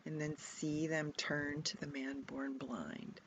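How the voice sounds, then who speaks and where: A woman's voice: sits low, steady tone, slight background noise. A woman guiding an imaginative Bible contemplation, asking reflective questions and sometimes dropping to a whisper. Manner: slow, reflective, prompting questions, at times whispered. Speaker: retreat leader guiding contemplation.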